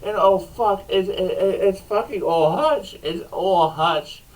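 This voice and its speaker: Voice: medium pitch, slow, distant mic, low-quality recording. A storyteller improvising a comic tale, rambling and restarting sentences often. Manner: rambling, restarts, frequent laughter.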